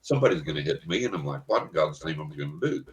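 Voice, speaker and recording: An older man with a very low voice tells a long personal story as an interview guest. He paints the scene in detail and acts out his own reactions as he goes. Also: big pitch swings, very fast, low-quality recording. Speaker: psychic guest telling a story.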